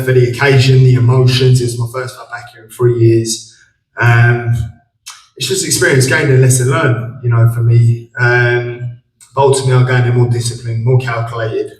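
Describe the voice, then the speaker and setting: Young boxer guy, monotone, lots of ums, echoey far mic. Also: mid-range voice. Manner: flat, measured, with many ums. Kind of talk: press conference answers. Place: press conference room. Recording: echoey room from far off with faint ambience.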